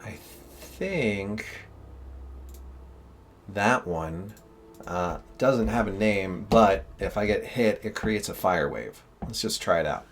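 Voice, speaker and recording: A man's voice: lowish voice, lively intonation, takes it slowly, a little hiss or hum. A man developer thinking aloud while testing his game on a live stream, often laughing. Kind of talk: casual live-stream commentary while playing.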